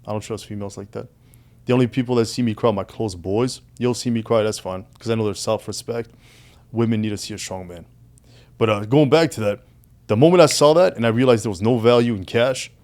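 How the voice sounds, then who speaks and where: Animated, swearing male podcast guest. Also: mid-range voice, brisk. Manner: animated storytelling, heavy profanity, calls host "brother". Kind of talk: casual podcast conversation.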